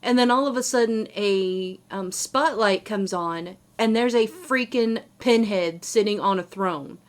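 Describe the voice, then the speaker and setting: Woman, podcast co-host, casual storytelling, animated, filler-heavy. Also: medium pitch, unhurried.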